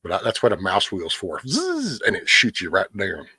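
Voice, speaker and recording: A man's voice: low voice, fairly quick, pushed and bright, husky, no room sound. A middle-aged man, rambling casually on a livestream and answering chat by name. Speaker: livestream host. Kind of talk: casual live-stream chat.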